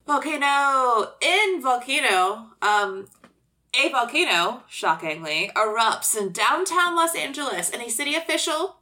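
A woman co-hosting a casual movie podcast, quick and giggly, fond of asides. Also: a little high, animated, sharp tone. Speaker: podcast co-host.

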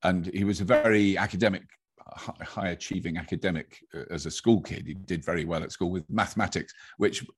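An older English man with a fairly posh accent and a husky voice, telling stories in a rambling, casual conversation. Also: sits low, fairly quick. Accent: English, fairly posh (received pronunciation trained). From England. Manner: rambling, storytelling, with laughs.

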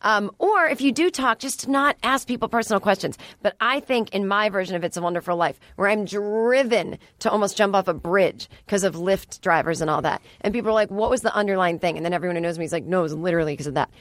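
A woman's voice: fairly low pitch, fast talker, few pauses, no room sound. Chatty woman podcast host, dry studio sound. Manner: chatty and rambling, with sarcastic asides. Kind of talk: casual solo podcast chat. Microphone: studio microphone.

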